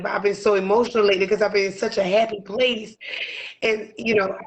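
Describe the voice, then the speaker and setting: A woman's voice: medium pitch, level tone, fast talker, slight background noise, poor audio. A woman co-hosting a podcast, voicing heartfelt, near-tearful gratitude and repeating her phrases. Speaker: podcast co-host. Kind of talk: emotional podcast chat.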